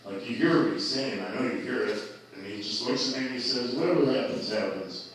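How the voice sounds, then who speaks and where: A man at a middle pitch tells a rowdy story in a loose, profane way, laughing as he goes. He sits well back from the mic. The room around him rings with heavy echo. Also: fast talker, fairly bright tone, a little hiss or hum. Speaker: storyteller guest. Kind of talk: casual storytelling chat. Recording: very echoey, distant mic.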